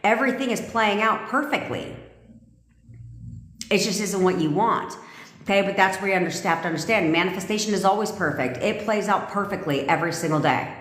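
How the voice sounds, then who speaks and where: A woman's voice: medium pitch, a little fast, fairly bright tone, roomy sound. A woman manifestation coach talking bluntly and profanely on a casual livestream rant, often laughing.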